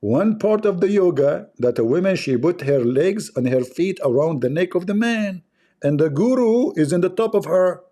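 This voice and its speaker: A livestream host talks in a slightly raised voice with a dark, mellow tone. He is sarcastic and repeats himself, tossing in chuckling asides. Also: high-pitched, lively intonation, normal speed. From Arab world. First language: Arabic. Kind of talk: mocking livestream commentary.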